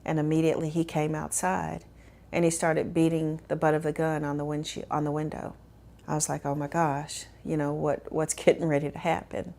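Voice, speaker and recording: Low gravelly-voiced woman recounting. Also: completely flat delivery, darkish tone. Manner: measured, reflective storytelling with many fillers. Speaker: survivor telling her story. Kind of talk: personal testimony.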